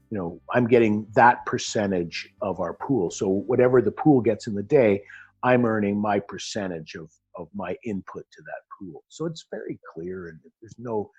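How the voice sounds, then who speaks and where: A guest explaining Bitcoin mining tells anecdotes in a casual chat, acting out the characters he quotes and restarting often. His voice is on the low side, darkish in tone and slightly rough. The audio is dull and lo-fi, with faint music.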